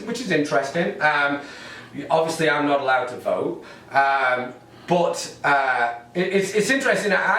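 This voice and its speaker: A man's voice: medium pitch, fairly bright tone, recorded from a distance, a little hiss or hum. A man with an English accent performing a stand-up comedy routine, ranting with frequent ums and repeated words. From England. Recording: roomy echo, off-mic, faint ambience.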